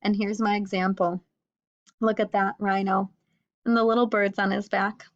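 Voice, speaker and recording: A woman teacher calmly walking her students through a reading lesson one step at a time. Her voice sits at an ordinary middle pitch. The recording sounds a bit dull and lo-fi. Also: moderate pace. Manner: patient, step-by-step explaining.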